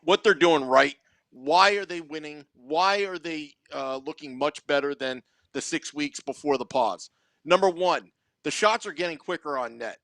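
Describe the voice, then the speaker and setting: A man's voice: fairly high pitch, normal speed, vocal fry, a bit bright, no echo. A man co-hosting a hockey podcast, laying out his game analysis point by point. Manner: methodical, list-like analysis. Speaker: podcast co-host. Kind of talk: sports analysis chat.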